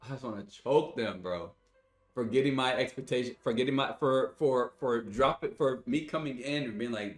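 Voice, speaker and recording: A man's voice: mid-range voice, moderate pace. A young man streaming games, ranting angrily and profanely to his chat in an exasperated, sighing voice. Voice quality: profane, exasperated, with heavy sighs. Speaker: gaming streamer. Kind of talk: angry rant to stream chat. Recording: roomy echo with faint music.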